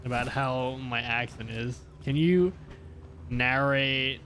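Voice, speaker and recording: Young male streamer, unhurried, rambling casual chat, noisy background. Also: mid-range voice, steady tone, bright, forceful tone. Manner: rambling, fills speech with "like" and "um", laughs often. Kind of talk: casual live-stream chat while gaming.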